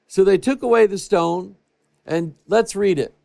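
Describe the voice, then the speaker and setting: A man pastor preaching a sermon for a TV broadcast, telling stories and moving between hushed and raised passages. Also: sits high, measured pace, vocal fry. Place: church TV broadcast.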